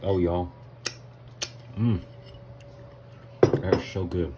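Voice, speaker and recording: A man's voice: deep voice, steady tone, extremely slow, heavy background noise. A man with a Southern US accent hosting a casual cooking vlog from his home kitchen, chatting folksily to viewers and calling them y'all. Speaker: cooking video host.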